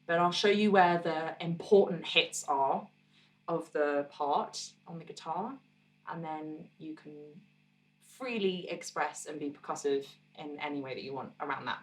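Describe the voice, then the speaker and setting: A woman musician teaching her own song on guitar, explaining parts in a relaxed, encouraging way and counting beats aloud. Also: sits low, measured pace, far from the mic.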